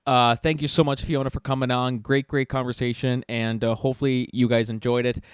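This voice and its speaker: A man's voice: mid-range voice, level tone, fairly quick, clear, resonant tone, no echo, studio quality. A man hosting a podcast, talking in an enthusiastic, casual way with lots of uh's and like's. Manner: enthusiastic, many fillers like uh and like. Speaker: podcast host. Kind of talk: casual interview chat.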